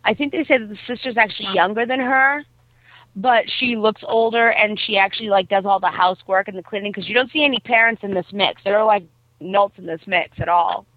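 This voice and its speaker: A woman's voice: mid-range voice, a little fast, dry recording. A woman chatting casually and rambling animatedly as she retells a show's plot, with lots of fillers. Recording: tinny phone-like dry sound.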